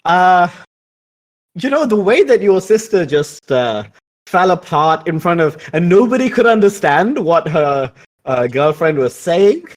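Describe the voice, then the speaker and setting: A man's voice: high-pitched, very animated, unhurried. A man voicing a gossipy, sly noblewoman socialite who gushes and insinuates. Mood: gushing. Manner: gushing, insinuating.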